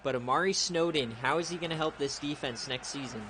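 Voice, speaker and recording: A young man giving laid-back play-by-play commentary on a streamed video game, chatty and prone to excited outbursts. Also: on the high side, a little fast, slight background noise. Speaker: league streamer.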